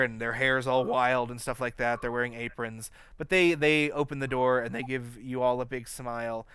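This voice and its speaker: Hesitant male game master. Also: medium pitch. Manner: hesitant, many fillers. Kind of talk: narrating a tabletop game.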